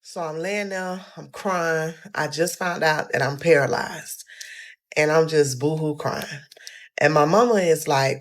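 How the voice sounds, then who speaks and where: Young woman, low voice, animated storytime straight to camera. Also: a little slow. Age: young adult. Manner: animated, addresses viewers as y'all, quotes people in a higher voice. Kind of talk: casual storytime.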